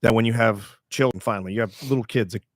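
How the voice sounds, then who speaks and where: A middle-aged man co-hosting a comedy podcast, telling stories in a casual, animated way and acting out the people in them. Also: on the low side, quick pace, dry recording, studio quality. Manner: animated, acts out voices and shouts in his stories. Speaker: podcast co-host.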